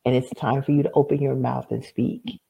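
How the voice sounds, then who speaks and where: A woman's voice: very deep voice, little pitch movement, brisk, vocal fry, mellow, low-quality recording. A woman guest telling her story earnestly and with faith, often acting out what others said. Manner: earnest, faith-filled, acts out quoted dialogue. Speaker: guest, author. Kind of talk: storytelling interview answer.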